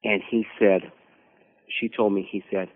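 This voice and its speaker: A man telling a personal story as a guest on a radio conversation, halting and repeating words as he searches for them. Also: on the low side, flat delivery. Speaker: mission team leader, radio guest. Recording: narrow phone-like radio audio.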